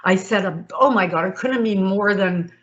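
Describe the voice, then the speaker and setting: A woman's voice: mid-range voice, moderate pace, fairly bright tone. A woman in her fifties, a podcast guest telling an emotional personal story in a rambling way, with restarts and acted-out dialogue. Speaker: guest, co-founder of a sports league. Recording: slightly muffled recording.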